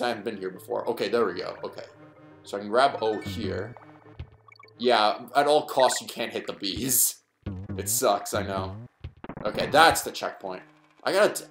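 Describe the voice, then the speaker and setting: Rambling let's play guy, lowish voice. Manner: rambling, self-deprecating, thinks aloud while playing. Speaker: gameplay commentator. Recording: echoey room with game music.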